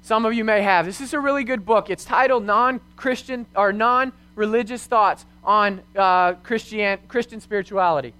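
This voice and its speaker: A young youth pastor with a very high voice delivers his sermon at a moderate pace with few pauses, his tone sharp and clean. Earnest in manner, he folds personal stories and rhetorical questions into the lesson.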